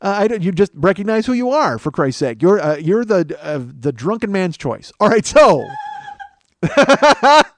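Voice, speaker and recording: A man's voice: sits high, big pitch swings, normal speed, hardly any pauses, darkish tone, no echo. A man in his forties hosting a comedy podcast alone, rambling through profane, self-mocking asides. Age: 40s. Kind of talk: solo comedic monologue.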